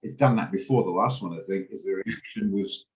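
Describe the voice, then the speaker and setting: Captured over a video call with roomy, poor audio, a low-pitched middle-aged man talks fairly quickly. He's hosting a trading room, chatting loosely about trades, wandering off topic and restarting often.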